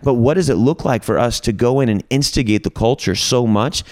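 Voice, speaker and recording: A middle-aged man telling a long, humorous story in casual group talk, acting out his own lines and others' with lively quotes. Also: medium pitch, fairly quick, dry recording. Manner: humorous, coins playful words. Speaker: podcast guest.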